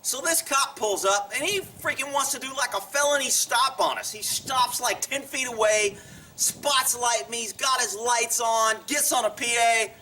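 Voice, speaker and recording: Bright-voiced man telling a story. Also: extremely high pitch, moderate pace, recorded from a distance, slight background noise. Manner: chuckles often, acts out quotes in a raised voice. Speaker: vlogger telling a personal story. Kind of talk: casual storytelling.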